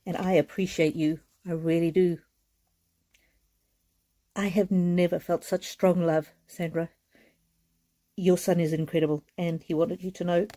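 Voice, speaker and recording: A woman giving a live oracle card reading, speaking earnestly and reassuringly, with soft laughs now and then. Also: on the low side, little pitch movement, measured pace, long pauses.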